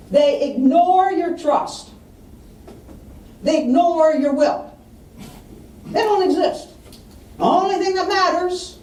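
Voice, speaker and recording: A high-voiced woman gives a public talk on money matters to a live audience. She tells stories with lively acted quotes. The recording is roomy, with her voice caught from some distance off the mic. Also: a little hiss or hum. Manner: animated storytelling with acted quotes. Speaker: estate planning presenter. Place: lecture room. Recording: echoey room mic from a distance.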